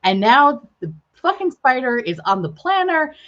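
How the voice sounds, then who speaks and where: A woman's voice: high-pitched, big pitch swings, moderate pace, fairly bright tone, muffled recording. A woman guest in a casual live-stream chat, telling stories dramatically and swearing freely.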